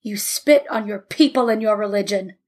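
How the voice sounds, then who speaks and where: A woman's voice: medium pitch, normal speed, a little mellow, lightly acted. A woman voicing a large, stern rabbi in a storybook reading, ironic and scolding. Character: large stern middle-aged male rabbi.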